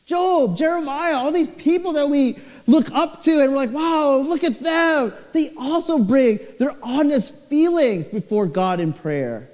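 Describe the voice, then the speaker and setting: A young man, a pastor, preaching a sermon with expressive storytelling, his voice swinging low and high. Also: unhurried, few pauses. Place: church hall. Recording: church hall with long reverb.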